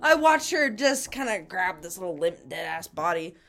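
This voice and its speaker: A woman's voice: lowish voice, big pitch swings, normal speed, creaky, a bit bright, soft background music. A woman co-hosting a podcast, telling stories in a blunt, profane, laughing chat. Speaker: podcast co-host. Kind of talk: casual chat.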